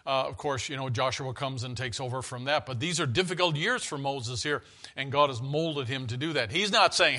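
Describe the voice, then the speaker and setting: A man's voice: medium pitch, brisk, bright, forceful tone. A man preaching an earnest, conversational sermon in a church, often restarting his phrases.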